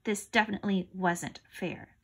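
A woman reading a children's chapter book aloud in an animated, expressive way. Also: medium pitch, normal speed. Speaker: storybook reader.

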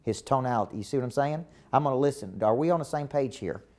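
A man's voice: medium pitch, animated, quick pace, a little mellow. A man with a Southern US accent teaching a live coaching seminar, emphatic and repetitive, often checking that the room follows him. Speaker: business coach.

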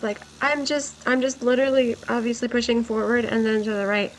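A young woman giving excited, giggly commentary while playing a game, her voice worn from a long stream. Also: a little high, a little fast, slight background noise. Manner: gushing, giggly, exclaims often. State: voice nearly gone, worn.

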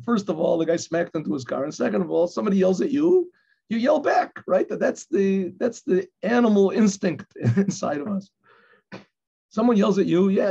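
A man who is a rabbi, teaching a Torah class and telling a personal story, acting out shouted quotes along the way. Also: sits high, vocal fry, breathy edge. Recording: dull lo-fi recording.

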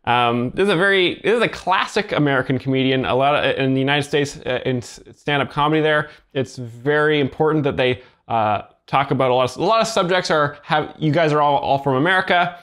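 A man giving slow, halting, deadpan commentary that explains jokes literally. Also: fairly high pitch. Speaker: joke explainer.

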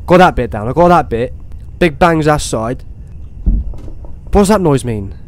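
A young man playing a horror game, talking to himself and swearing, with sudden excited outbursts. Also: on the high side, a little slow, slight background noise. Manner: swears, talks to himself, swings between muttering and excited outbursts. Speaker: gaming YouTuber. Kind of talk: horror game let's play commentary.

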